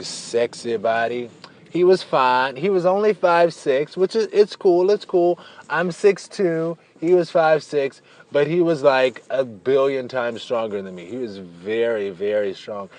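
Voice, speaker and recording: Telling a personal story casually to camera, this man has a mid-range, somewhat dark voice. His vlog style is playful and talkative, prone to tangents, with words stretched out to stress them.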